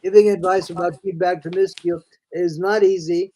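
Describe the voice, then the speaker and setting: A man's voice: high voice, flat delivery, normal speed, mellow, rough recording. An older man, a reading specialist, explaining in a folksy conversational way, calling the listener "friend" and restarting his sentences often.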